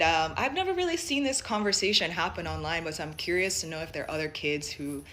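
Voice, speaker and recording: A young woman with a light Jamaican lilt that slides toward American speech. Her voice sits a little low, and she talks in a casual, reflective way, circling back on her thoughts with fillers and small restarts. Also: fairly bright tone. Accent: light Jamaican mixed with American.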